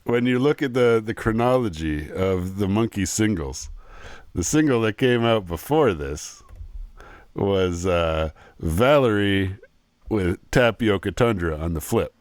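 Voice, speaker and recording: A man's voice: fairly low pitch, expressive, unhurried, no echo. A man co-hosting a podcast, chatting casually about songs, laid-back and chuckling as he gives opinions. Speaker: podcast co-host. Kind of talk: casual music chat.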